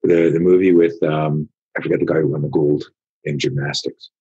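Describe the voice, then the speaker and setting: A man, a martial arts instructor in his fifties or older, telling a story in casual conversation, animated and profane, acting out what people said. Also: rumbling low, brisk, slightly rough, lo-fi sound. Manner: animated, profane, acts out quotes.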